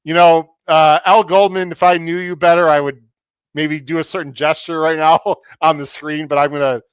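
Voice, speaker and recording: A man's voice: a little high, flat delivery, normal speed, clear, resonant tone, no room sound, muffled recording. A man hosting a live-streamed podcast, chatty and upbeat, reading out viewer comments between topics. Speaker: podcast host.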